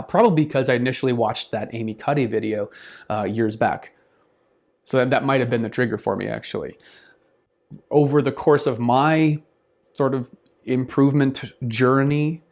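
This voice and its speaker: A casual man hosting his own self-improvement channel, talking a viewer through a book. He speaks at a mid pitch, animated and loose, acts out his examples and drops the odd swear word. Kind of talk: casual talk to camera.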